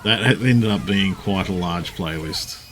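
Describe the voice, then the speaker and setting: A man's voice: low-pitched, a little slow, fairly bright tone. A man streaming a game, chatting casually in a rambling, swear-laden way with frequent fillers. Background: faint game music.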